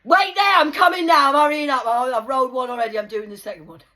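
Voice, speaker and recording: A woman's voice: fairly high pitch, expressive, fast talker, pitched above the performer's own voice. Woman acting out a furious swearing young man. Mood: eager, hurried. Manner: shouting, swearing. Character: angry young man locked in his room.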